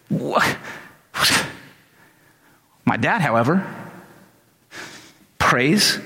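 A man's voice: medium pitch, unhurried, long pauses. Man preaching in an echoing hall. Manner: conversational, animated when quoting himself. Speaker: pastor. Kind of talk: sermon with storytelling. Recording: long reverb of a large hall.

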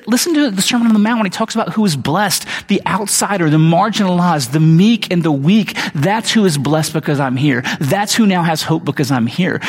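A man's voice: high-pitched, slightly rough. A man preaching a casual, conversational sermon in slangy everyday words, acting out the people he quotes. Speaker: pastor. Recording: long hall reverb.

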